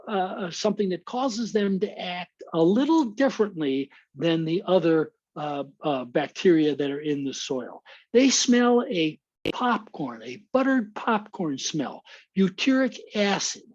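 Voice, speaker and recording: A man's voice: sits high, a little mellow, highs cut off. An American man giving a webinar lecture as a guest speaker, explaining slides with frequent uhs and restarts.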